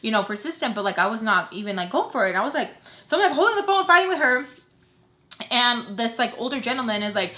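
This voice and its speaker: A young woman with a slightly high voice tells a story in casual vlog fashion. She talks emphatically and animatedly, leaning on lots of fillers and tossing in swear words. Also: lively intonation, fast talker, bright, forceful tone. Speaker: vlogger. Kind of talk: storytime chat.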